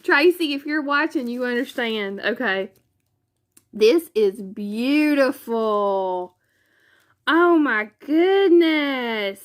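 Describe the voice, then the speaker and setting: A woman's voice: fairly high pitch, lively intonation, extremely slow. A woman, chatting casually in a craft vlog, gushing and exclaiming often. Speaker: craft vlogger. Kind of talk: casual chat.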